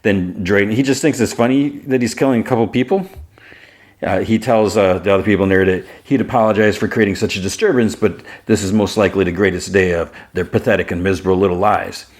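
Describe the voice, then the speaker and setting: A man's voice: fairly low pitch, quick pace. A man hosting a podcast, casually retelling a show's plot in a rambling way, full of fillers and quoted lines. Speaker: podcast host. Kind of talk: casual episode recap.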